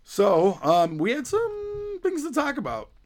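Very high-pitched and swinging widely in pitch, this thirtysomething man's voice is unhurried and a little mellow. He's a podcast co-host in casual chat, wandering through stories full of "like" and "you know."

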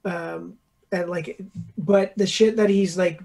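A man's voice: high-pitched, fairly even intonation, slow, creaky, darkish tone. Young male producer, laid-back rambling talker, heavy on fillers. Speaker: beat producer. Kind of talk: casual podcast chat.

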